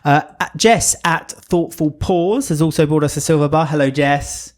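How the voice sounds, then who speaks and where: A man's voice: a little high, moderate pace. A man from the UK co-hosting a casual podcast, chatting and reading out listener messages and plugs. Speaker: podcast co-host.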